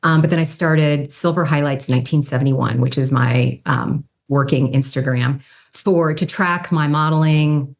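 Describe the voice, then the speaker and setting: A woman in her fifties, a guest on an interview podcast, telling stories casually and acting out the people she quotes. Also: normal speed. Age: 50s. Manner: animated, acts out quoted people with pitch jumps. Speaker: guest, brand strategy consultant and model.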